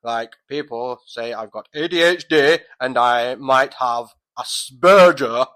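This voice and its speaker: A man's voice: mid-range voice, slow pace, a bit bright, rough recording. A man telling a rambling, swear-filled story at home as a podcast host, full of restarts and fillers. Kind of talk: casual storytelling monologue. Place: at home, by a window on a street.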